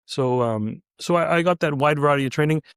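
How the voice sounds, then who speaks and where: A middle-aged male physician, talking as an interview guest, telling his stories at a brisk pace. He is animated and often restarts his sentences. The sound is close and dry. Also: on the high side, clear, resonant tone, no room sound. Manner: animated, many restarts and fillers. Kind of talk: casual anecdotal storytelling.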